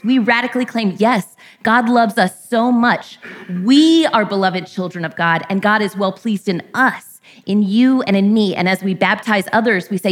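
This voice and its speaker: A woman pastor giving a sermon in a candid, conversational way, with light irreverence, ending in prayer. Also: mid-range voice.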